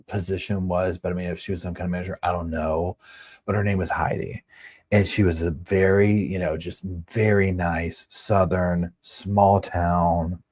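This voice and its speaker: A man's voice: deep voice, darkish tone, slightly rough, no echo, clean studio sound. A man in his forties hosting a livestream from home, telling a casual, rambling story full of "like" and "you know.". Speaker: livestream host.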